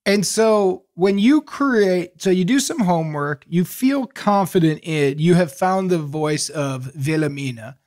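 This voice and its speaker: A man's voice: high-pitched, unhurried, hardly any pauses, a little mellow, dry recording, clean studio sound. A man co-hosting a comedic advice podcast, grilling a caller with mock-serious leading questions. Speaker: co-host.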